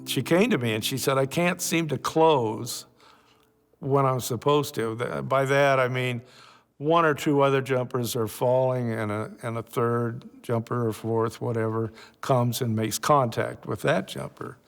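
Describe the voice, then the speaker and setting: A man's voice: mid-range voice, steady tone, normal speed, clear, resonant tone. Older man recalling things, roomy reverb. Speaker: interviewee. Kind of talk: documentary interview storytelling.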